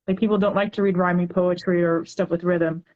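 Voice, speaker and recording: A woman in her forties, a poet guest, talking in a chatty, animated way with lots of filler words. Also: fairly low pitch, fairly quick, highs cut off. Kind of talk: casual interview chat.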